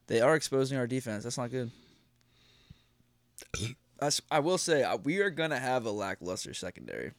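A young man co-hosting a casual podcast, chatting and reacting excitedly to a football game, swearing often. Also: mid-range voice, fairly quick, pauses often, no room sound. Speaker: podcast co-host. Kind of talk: casual chat while watching football.

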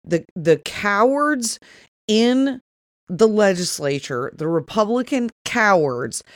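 A woman's voice: medium pitch, expressive, slow, no room sound, studio quality. A woman co-hosting a political talk show, speaking bluntly and with scorn. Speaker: co-host.

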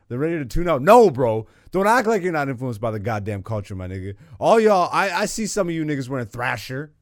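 A man's voice: mid-range voice, sing-song, a little fast, no room sound, clean studio sound. A man in his thirties hosting a podcast, chatting casually and loosely while gaming, self-mocking and laughing often. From Canada. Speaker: podcast host. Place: home room with a gaming setup.

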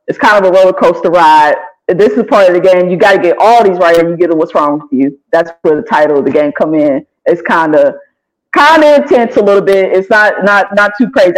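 A man's voice: high voice, poor audio. A man hosting a podcast, running a music quiz game in casual, playful, slangy chat with lots of restarts. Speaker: podcast host.

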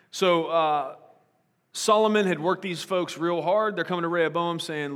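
Casual pastor preaching in a reverberant hall. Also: male voice, on the high side, moderate pace, a bit bright. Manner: casual, joking asides between scripture reading. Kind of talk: sermon. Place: church sanctuary. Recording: long church hall reverb.

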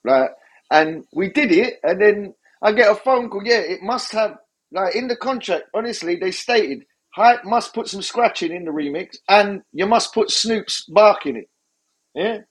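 Man, middle-aged, husky voice, higher pitch, sarcastic storyteller. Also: measured pace. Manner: jokey storyteller, sarcastic, swears casually. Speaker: guest DJ. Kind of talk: casual interview anecdotes.

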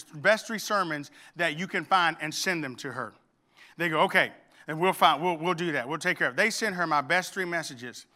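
A middle-aged pastor with a sharp, higher-pitched voice delivers a sermon. He tells a funny story with humor, acting out the dialogue.

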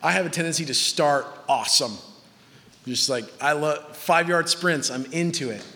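Animated joking male preacher in an echoey hall. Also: moderate pace. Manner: animated and joking, pitch jumping up when quoting. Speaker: pastor. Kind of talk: sermon.

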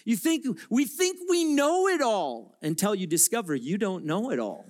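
A male pastor preaching a sermon, direct and confrontational with listeners, building into impassioned shouts. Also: high-pitched, very animated, moderate pace.

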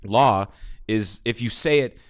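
A man's voice: lowish voice, slow pace. A man co-hosting a casual podcast, rambling and swearing as he tells stories. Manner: animated, swearing, rambling storyteller. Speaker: podcast co-host. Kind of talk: casual chat.

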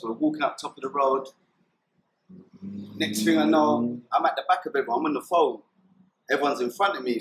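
A young man with a London accent telling his story vividly, acting out shouts and sounds as he goes. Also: medium pitch, echoey room, poor audio. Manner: vivid retelling, acts out shouts and gunshot sounds. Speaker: interviewee. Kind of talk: animated storytelling.

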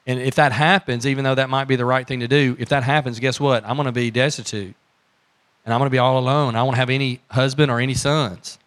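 A man's voice: medium pitch, fairly even intonation, quick pace, fairly bright tone, natural voice. A man voicing a worried widowed mother who pleads for help, in his own plain voice. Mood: pleading. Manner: earnest, plain retelling in everyday words.

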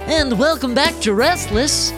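A man voicing a showy 1940s radio announcer with slow, drawn-out theatrical delivery. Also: very high-pitched, music in the background, voice pushed up. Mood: grandiose.

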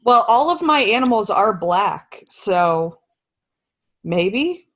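A woman guest in a casual online chat, telling stories in a soft-spoken, self-deprecating way. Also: medium pitch, very animated, slow.

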